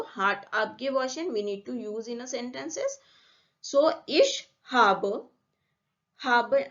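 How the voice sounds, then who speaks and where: Slow, deliberate woman teaching a language lesson. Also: on the high side, fairly bright tone, dull audio. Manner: slow, deliberate, repeats example words for drilling. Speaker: German teacher.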